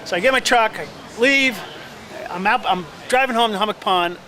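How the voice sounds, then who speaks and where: A man telling an animated story about his first film role in a casual interview, acting out the other people's lines. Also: sits high, normal speed. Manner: animated storyteller, acts out quotes, many restarts. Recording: crowd noise outdoors.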